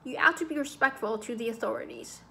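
Woman reading as a prim male schoolmaster, agitated, lecturing, high and tight, fretful. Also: fast, creaky, pushed and bright, a little hiss or hum. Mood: indignant. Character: fussy anxious old-fashioned male schoolmaster.

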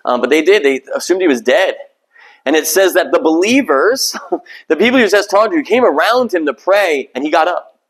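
A pastor delivers a sermon in a relaxed, conversational way, poking fun at himself as he goes. His male voice sits fairly high. He slips into little acted-out voices when he quotes people. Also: brisk, breathy edge, poor audio. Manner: conversational, self-deprecating, acts out quoted voices.

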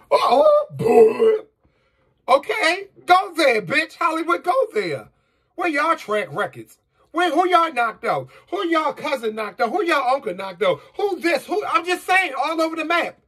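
Fired-up guy ranting at the camera, high voice, kinda husky, lotta cussing, aave. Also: bright, forceful tone. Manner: heated, profane, rhetorical questions. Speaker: vlogger. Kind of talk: angry monologue to camera.

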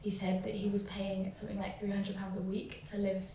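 A young woman from London, a criminology student, chatting in a friendly, animated way. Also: medium pitch, brisk, very echoey, distant mic, slight background noise. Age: young adult. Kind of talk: casual group chat.

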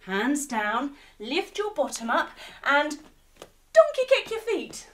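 A woman's voice: high voice, wildly swooping pitch, measured pace. A woman leading a kids' yoga session as a storyteller, playful, with sound effects and animal noises. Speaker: kids yoga teacher and storyteller.

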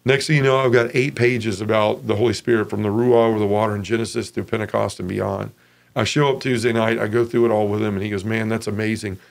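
Man telling an animated testimony. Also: fast talker, vocal fry. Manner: animated, acts out others' voices with raised pitch; earnest and emotional. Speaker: interview guest. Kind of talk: personal testimony storytelling.

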